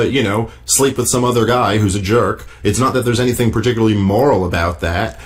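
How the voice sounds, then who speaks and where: A man hosting a solo podcast, reading an article aloud and tearing into it in a profane, exasperated, mocking way. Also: fairly low pitch. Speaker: podcast host.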